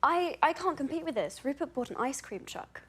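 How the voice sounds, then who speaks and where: A woman's voice: high-pitched, expressive, brisk. A young adult woman with an English accent, chatting as an actress guest on a talk show, giggly and self-deprecating.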